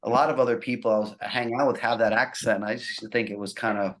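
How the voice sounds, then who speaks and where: A man's voice: mid-range voice, fairly even intonation, fast talker, fairly bright tone. A middle-aged man from the New Jersey and New York area, a guest musician chatting casually on a podcast in a laid-back, sarcastic way that breaks into easy laughs. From New Jersey and New York area, USA.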